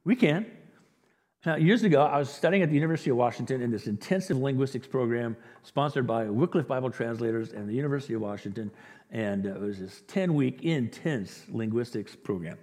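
A man preaching a sermon as a pastor, animated and acting out the voices of the people in the story. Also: medium pitch, fast talker. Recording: echoey hall with long reverb.

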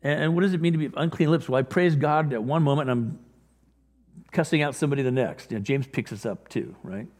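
Guy preaching, chatty then fired up, mid-pitched voice, long echo like a big church hall. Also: fast. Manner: conversational, animated when acting out scripture. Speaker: pastor. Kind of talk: sermon. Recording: long reverb of a large hall.

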